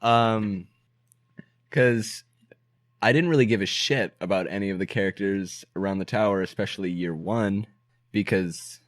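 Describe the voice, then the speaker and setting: A man's voice: on the low side, a little slow, no room sound. A man co-hosting a loose gaming podcast, rambling through his thoughts and cursing casually. His voice sounds close and dry, with no room around it. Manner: profane, rambling, laughs at his own bits. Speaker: podcast co-host.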